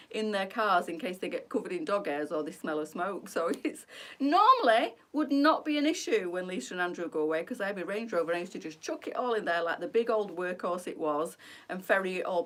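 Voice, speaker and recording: Brief: middle-aged woman hosting a live sale, chatty, rambling, quick to laugh, mid-pitched voice. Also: a bit bright. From England. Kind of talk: chatty live-stream sales talk.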